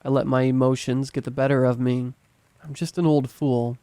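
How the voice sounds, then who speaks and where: A man voicing a frail, grieving old man who talks in a halting, apologetic way, choked up with tears. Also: medium pitch, little pitch movement, dark tone, clear, resonant tone, dry recording, close to an everyday voice. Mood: remorseful. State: choked up, crying.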